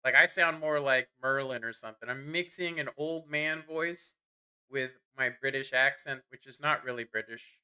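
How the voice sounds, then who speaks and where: A man's voice: medium pitch, moderate pace, sharp tone, clean tone. A man giving rambling, self-deprecating commentary while playing a game. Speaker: gaming streamer. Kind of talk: casual gameplay commentary.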